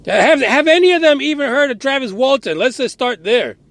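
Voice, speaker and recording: A man's voice: very high voice, lively intonation, a little fast, gravelly, fairly bright tone. A man hosting a podcast, giving ranting news commentary in a profane, sarcastic and exasperated way, firing off incredulous questions. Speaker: podcast host.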